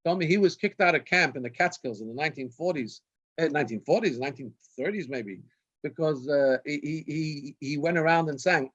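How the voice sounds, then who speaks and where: A man, a rabbi, tells a long funny story over a video call and chuckles at his own punchlines. His voice sits on the higher side. The audio is dull and lo-fi. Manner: anecdotal, laughing at his own jokes.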